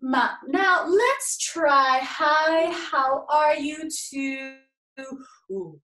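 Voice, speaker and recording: Upbeat woman teaching acting, slow and clear. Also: high-pitched, expressive, a bit bright. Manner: upbeat, encouraging, playful. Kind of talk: drama workshop for kids. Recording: echoey home room.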